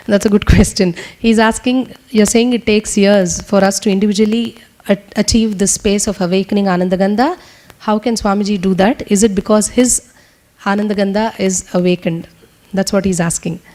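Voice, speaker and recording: A woman leading a spiritual teaching session, talking fast in an earnest, testimonial way. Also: medium pitch, a little mellow. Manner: talks fast. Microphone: speaking to a room with translators.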